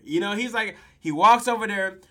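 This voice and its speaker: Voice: mid-range voice, moderate pace, pushed and bright. A podcast host recapping a TV episode in casual, profane slang, telling the story with laughs.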